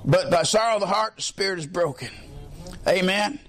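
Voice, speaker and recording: A man preaching a sermon in a colloquial way, leading call-and-response with the congregation and often swelling into shouts. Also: high-pitched, normal speed. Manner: colloquial, peppers lines with "amen", swells into shouts.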